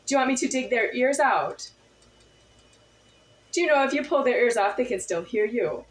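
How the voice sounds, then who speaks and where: High bright woman, echoey room. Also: animated, normal speed. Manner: insistent, repetitive rhetorical questions. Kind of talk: confrontational monologue to camera.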